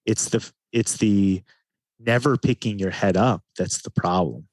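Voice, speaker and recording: A man, a guest in an interview, speaking in a calm, reflective way and often slowing his speech down. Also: on the low side, no room sound. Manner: calm, slows his speech to stress points. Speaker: podcast guest, men's retreat facilitator.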